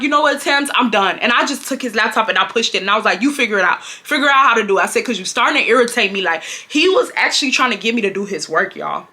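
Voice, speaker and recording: A woman's voice: a little high, fast talker, hardly any pauses. A young woman, telling a casual personal story to her viewers and acting out her own lines. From Houston, Texas. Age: 20s. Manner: animated, acts out her own lines with swearing and laughs. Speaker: storytime vlogger.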